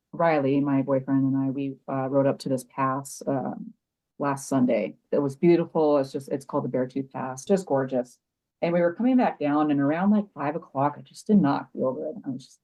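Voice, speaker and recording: A middle-aged woman, a nurse turned coach, telling a personal story as a podcast guest in a halting way, with frequent restarts and fillers. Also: rumbling low, warm tone, dull audio. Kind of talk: candid conversational storytelling.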